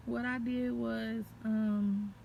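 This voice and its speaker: A woman's voice: on the high side, level tone, drawn-out words, vocal fry, muffled recording, a little hiss or hum. Profane, laughing young woman storyteller. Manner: profane, laughing as she tells it. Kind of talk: casual storytelling.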